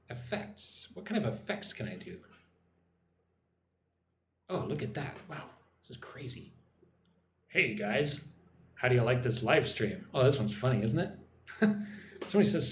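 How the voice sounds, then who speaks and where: A man from Texas, an English teacher, chatting casually and playfully on a live stream. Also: medium pitch. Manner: playful, chatty, amused exclamations. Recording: roomy echo, faint background noise.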